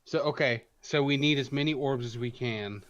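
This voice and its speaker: A man's voice: mid-range voice, moderate pace, dull audio. Man, tabletop player, casual, inquisitive. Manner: casual, thinking out loud. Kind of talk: tabletop game play.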